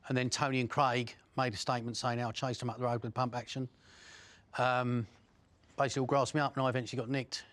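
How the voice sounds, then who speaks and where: A man's voice: medium pitch, fairly bright tone. A man, speaking bluntly in an interview and recounting his past with frequent fillers.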